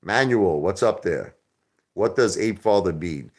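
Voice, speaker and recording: A man with a very low voice talks through a casual livestream monologue. He rambles and circles back on his points. He lurches between sudden loud bursts and low grumbling asides, turning his curses into polite stand-ins. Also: expressive, a little slow. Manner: rambling, repetitive, swings between loud outbursts and low muttering; minces swear words into euphemisms. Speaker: livestream host.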